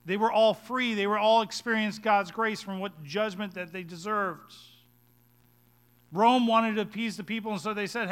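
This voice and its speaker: A man preaching a sermon as pastor, swinging between hushed, low passages and loud, urgent ones. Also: fairly even intonation, normal speed, clear, resonant tone.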